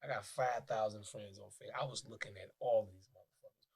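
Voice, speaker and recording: Husky-voiced Detroit man telling stories. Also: fairly low pitch, fast. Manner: profane, animated storytelling with many restarts. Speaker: podcast guest. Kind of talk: casual interview chat.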